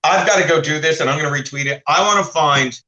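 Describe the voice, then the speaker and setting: A man's voice: fairly high pitch, fast, roomy sound, highs cut off. A man co-hosting a casual comedy talk show, rambling through stories and jumping in with voices of people he describes. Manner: rambling, animated storytelling with impressions. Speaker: co-host.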